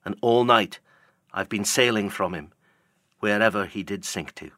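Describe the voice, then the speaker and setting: A man's voice: fairly low pitch, moderate pace, sharp tone, no echo, clean studio sound. A man voicing an aging, obsessed sea captain who speaks in a solemn, declaiming old-fashioned manner. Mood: brooding. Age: older. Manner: declaiming, solemn archaic speech. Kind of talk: audiobook character reading.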